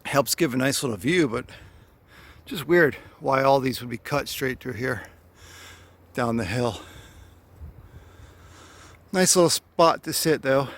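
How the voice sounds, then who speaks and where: A man's voice: medium pitch, a little hiss or hum. A man vlogging a solo hike outdoors, talking to himself with wry, chatty asides and winded from walking. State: out of breath. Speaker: hiking vlogger. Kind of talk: rambling solo trail vlog. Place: wooded hiking trail outdoors.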